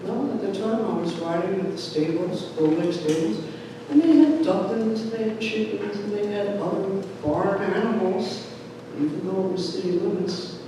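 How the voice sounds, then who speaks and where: Lively older male storyteller in echoey hall. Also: high voice, normal speed. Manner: animated, lively, acts out voices. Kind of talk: live personal storytelling. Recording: echoey hall miked from far off, noisy.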